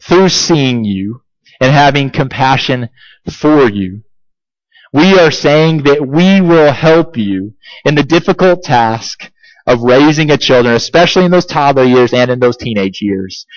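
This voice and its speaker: Slow, deliberate male preacher. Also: medium pitch, lively intonation, dry recording, dull audio. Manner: asks repeated rhetorical questions, emphatic and deliberate. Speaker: pastor. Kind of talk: sermon.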